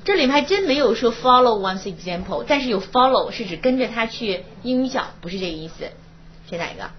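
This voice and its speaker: A woman teaching a university English class, explaining in Mandarin and slowly reading English lines aloud. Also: a little high, animated. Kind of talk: classroom lecture. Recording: dull old classroom recording with faint hiss.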